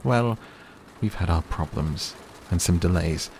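A man's voice: deep voice, unhurried, a little mellow, slight background noise. A man voicing an old male tycoon who is cheerful, persistent and talks over others, read as an audiobook character. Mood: uneasy.

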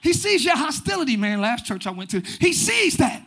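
A man preaches to a church congregation in a very high, bright, forceful voice. He is animated, often breaks into shouts, and slips into little acted-out voices of the people he describes. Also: brisk, gravelly. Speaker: pastor. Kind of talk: sermon. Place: church sanctuary.

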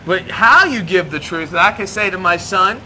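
A man's voice: sits high, lively intonation, normal speed, sharp tone, a little hiss or hum. A middle-aged man preaching in a church, joking and self-deprecating as he talks to the congregation. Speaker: pastor. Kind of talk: sermon. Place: church hall.

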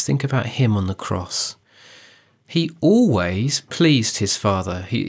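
A man discussing how to preach a passage, speaking in an earnest, measured way with emphasis on key phrases. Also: mid-range voice, slightly rough. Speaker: preacher giving a preaching guide. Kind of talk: teaching dialogue on sermon preparation.

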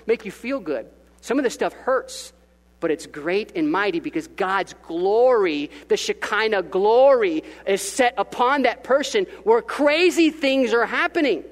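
A male pastor preaching a sermon in an animated, conversational way with jokey asides. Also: high-pitched, in a large hall, low-quality recording.

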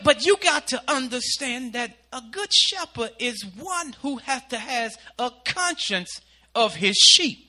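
High, shouting preacher man. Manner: rising into shouted, sing-song preaching. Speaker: pastor. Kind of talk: sermon.

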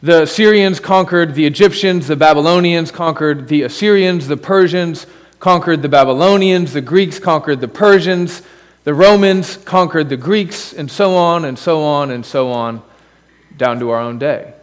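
A man's voice: on the high side, normal speed, big-room sound. A man preaching a sermon in a church as pastor, conversational, with asides and rhetorical questions. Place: church sanctuary.

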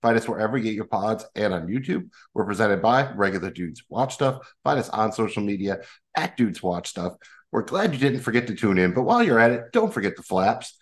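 A man co-hosts a casual TV recap podcast in a somewhat low voice. He is laid-back and goofy, and he swears his way through the show's plugs. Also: animated, brisk. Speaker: podcast co-host.

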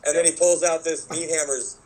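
A man co-hosts a podcast against a noisy background, his voice on the high side, level in tone, and fairly quick. He chats in a rambling, laid-back way, swearing casually.

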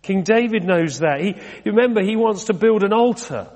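Middle-aged British male vicar, fairly high voice, conversational sermon with self-mocking asides, reverberant church. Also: lively intonation, moderate pace, a little mellow. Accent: British English. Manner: conversational, rhetorical questions, self-deprecating asides.

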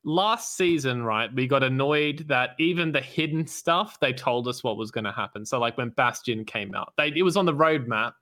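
Upbeat guy on a gaming podcast, bright tense voice, casual chat. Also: mid-range voice, animated, moderate pace, hardly any pauses. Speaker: podcast co-host.

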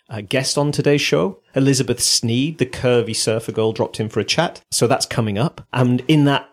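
A man co-hosting a relaxed podcast chat. He meanders through tangents and trails off mid-thought, poking fun at himself as he goes. His voice sits at an ordinary middle pitch. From northern England. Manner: rambling, self-deprecating, trails off into tangents. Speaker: podcast co-host. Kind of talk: casual chat.

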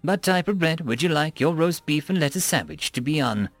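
A man's voice: on the high side, animated, fairly quick, no room sound, faint music behind. A man doing a smug, polite food-dispenser machine. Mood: prim. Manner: prim, customer-service politeness, sly. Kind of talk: story narration.

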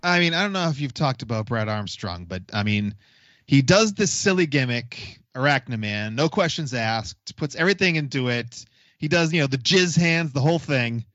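A man's voice: mid-range voice, animated, normal speed, a bit bright, no echo. A man from New England with its accent, co-hosting a podcast in wry, joking casual chat. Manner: wry, joking, laughs through remarks. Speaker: podcast co-host. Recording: dry, dull lo-fi mic.

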